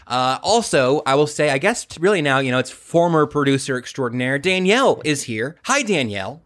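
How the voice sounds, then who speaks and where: A man's voice: on the high side, very animated, brisk, fairly bright tone. A male podcast host chatting casually over a video call, rambling with fillers and self-deprecating jokes.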